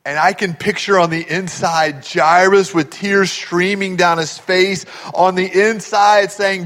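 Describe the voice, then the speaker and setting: A man's voice: high voice, steady tone, a little slow, few pauses, fairly bright tone, big-room sound. A man from Texas preaching a sermon, telling stories with animation and putting questions to the congregation. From Texas, USA. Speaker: pastor.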